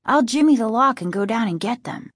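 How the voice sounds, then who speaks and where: A woman voicing an excited, breathless young boy in a storybook reading, with her voice raised. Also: fairly high pitch, fairly quick, dry recording, studio quality. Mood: eager. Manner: breathless and eager.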